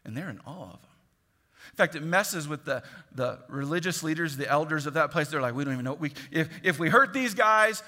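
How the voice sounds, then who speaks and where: A man preaching a sermon in an animated, jokey way, acting out the voices of the people he quotes. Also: a little high, a little fast. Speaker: pastor. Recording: long hall reverb.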